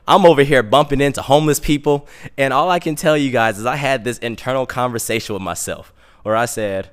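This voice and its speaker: A young man telling a comic story in a casual, animated, self-mocking way. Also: medium pitch, fairly quick, smooth.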